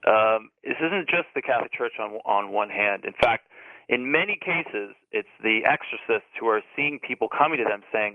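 A man's voice: fairly low pitch, animated, dry recording. A man in Italy, a guest on a radio show, explaining things earnestly over the phone. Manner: earnest, explanatory, fast-paced. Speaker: author guest on a phone line. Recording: tinny phone line on radio.

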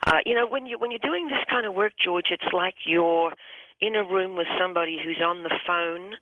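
A hypnotherapist phoned in to a radio show, recounting a session in an even, middle-pitched voice. The speech stumbles and circles back on itself, repeating words before moving on. The whole thing comes through a narrow, tinny phone line. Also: background noise. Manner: halting, with many restarts and repeated words. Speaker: hypnotherapist guest. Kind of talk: storytelling on a radio call-in. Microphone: telephone.

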